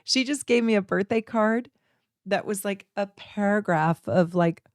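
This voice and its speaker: A woman in her forties hosting an astrology channel, talking straight to her viewers in an animated, repetitive, chatty way. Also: medium pitch, measured pace, no room sound, studio quality. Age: 40s. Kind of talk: casual direct-to-camera talk.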